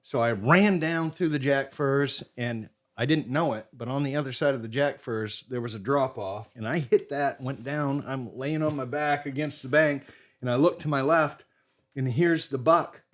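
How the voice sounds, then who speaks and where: A middle-aged man from Maine, a podcast guest telling a casual hunting story in an animated way and acting out what people said. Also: mid-range voice, moderate pace. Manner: animated storyteller who acts out quotes.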